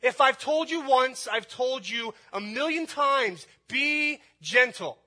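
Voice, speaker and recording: A man acting out a harsh parent scolding his child, loud and exasperated. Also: fairly high pitch, a little fast, slightly rough.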